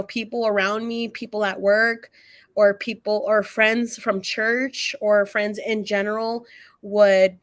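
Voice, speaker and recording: A woman guest on a live interview, telling a personal story in an animated way and laughing often between her sentences. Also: medium pitch. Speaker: guest psychic medium.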